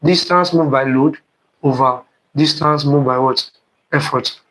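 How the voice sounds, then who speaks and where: A man's voice: medium pitch, steady tone, fairly bright tone, low-quality recording. A man teaching an online exam-prep physics lesson, repeating terms and quizzing students with "what?" questions. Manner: speeds up and slows down, stressing terms.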